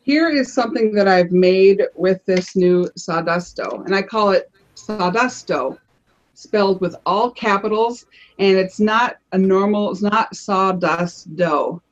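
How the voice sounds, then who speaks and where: A woman's voice: mid-range voice, measured pace. Chatty woman demoing crafts, muffled audio. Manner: chatty, restarts phrases, explains as she holds things up. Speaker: panel guest showing her crafts. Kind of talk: casual show-and-tell on a live panel show.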